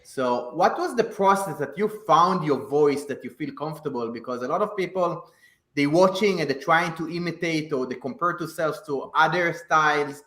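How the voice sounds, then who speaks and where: A man's voice: fairly high pitch, normal speed, fairly bright tone. A man co-hosting an interview, asking questions and giving frequent short acknowledgements. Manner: asks questions, many "yeah" and "mm-hmm" backchannels. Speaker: co-host. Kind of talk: casual interview. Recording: roomy echo.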